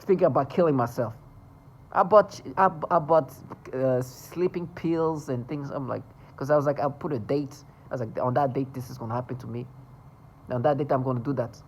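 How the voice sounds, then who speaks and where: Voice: moderate pace, a little hiss or hum, poor audio. Intense, agitated vlogger ranting to camera. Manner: intense, agitated, swears often, swings between loud outbursts and low mutters. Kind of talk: emotional monologue to camera.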